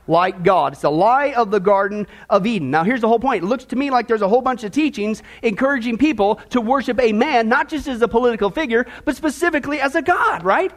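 A man preaching about Bible prophecy in a sermon style, emphatic and sarcastic, calling his listeners folks. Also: extremely high pitch.

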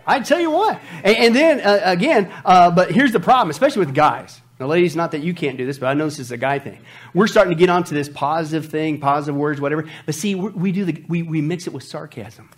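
A man preaching a sermon as pastor, lively and joking, repeating phrases for emphasis. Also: on the high side.

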